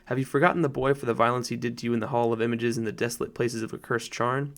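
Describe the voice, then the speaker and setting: A man voicing a great lion who speaks slowly, low and deep, with solemn kingly gravity, in an audiobook. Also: steady tone, natural voice. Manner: slow, grave, low and deep. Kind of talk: audiobook narration.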